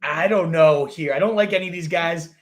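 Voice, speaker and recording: A man's voice: fairly high pitch, a little fast. A man co-hosting a casual fantasy football chat, enthusiastic and thinking aloud with fillers.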